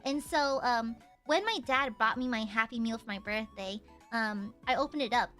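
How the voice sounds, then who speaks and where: A woman's voice: on the high side, normal speed, hardly any pauses, fairly bright tone, soft background music. A woman streamer chatting casually with her viewers, giggly and rambling with lots of fillers. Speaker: livestreamer.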